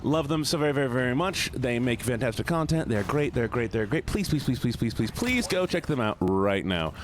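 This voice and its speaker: Excitable streamer man, swinging pitch. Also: fairly quick, slight background noise. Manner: excitable, swears often, repeats words in bursts. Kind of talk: live gameplay stream chat.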